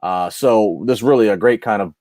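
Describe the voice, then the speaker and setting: A man co-hosting a wrestling podcast, giving an animated match recap in casual chat and often restarting his sentences. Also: fairly low pitch, a little fast, no echo, studio quality.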